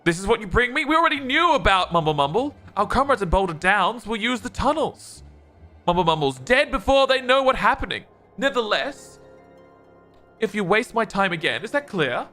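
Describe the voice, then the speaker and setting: Man voicing a curt threatening plotter, bright high voice. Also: big pitch swings, moderate pace, faint music behind, exaggerated voice. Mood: stern.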